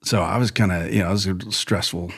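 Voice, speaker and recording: A man's voice: sits low, quick pace, creaky, breathy edge, no room sound, clean studio sound. A man telling stories as a podcast guest, rambling with fillers and restarts, often laughing and acting out what others said. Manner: animated storyteller who acts out other people's lines and laughs often. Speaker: podcast guest, rodeo bullfighter and horseman. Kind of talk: casual storytelling interview.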